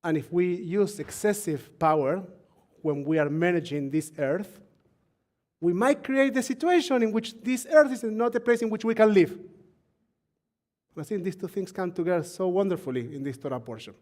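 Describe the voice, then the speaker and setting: A man leading a live-streamed Shabbat service, his voice sitting a little high. He teaches in a loose, talkative way, often laughing and asking the crew and congregation for attention. When he reads scripture, he slows down and lands on each phrase. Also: expressive, a little mellow. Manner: reads scripture slowly and deliberately.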